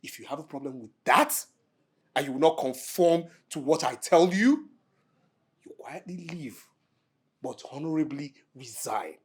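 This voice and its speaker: Bossy Nigerian caretaker, husky, pompous, swinging pitch, faint score. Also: male voice, animated, a little slow. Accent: Nigerian English. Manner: bossy, shouting orders, pompous formal English. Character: bossy self-important male caretaker turned boss. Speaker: caretaker put in charge of the house. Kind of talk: film drama acting.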